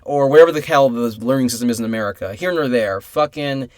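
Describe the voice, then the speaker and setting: A man's voice: mid-range voice, quick pace, no echo, studio quality. A man co-hosting a casual film review podcast, swearing freely and slipping into mocking voices. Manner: profane, animated, drops into mocking voices. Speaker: podcast co-host.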